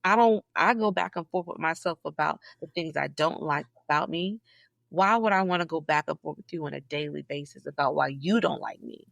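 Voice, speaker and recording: A woman from Southeast Georgia, a guest in a casual interview, telling stories in an animated, emphatic way with sudden high, loud bursts. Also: brisk, creaky, no echo. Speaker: podcast guest, librarian.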